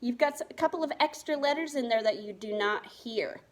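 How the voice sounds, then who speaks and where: A woman's voice: fairly high pitch, brisk. A woman teaching a reading lesson to first graders, spelling words letter by letter in a patient, encouraging way. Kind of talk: remote reading lesson for young children.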